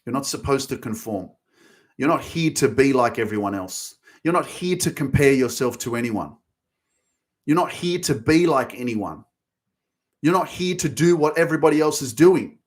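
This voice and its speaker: A man's voice: mid-range voice, animated, moderate pace. Passionate, swearing motivational podcaster man. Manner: passionate, emphatic, swears freely, repeats phrases for emphasis. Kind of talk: motivational monologue.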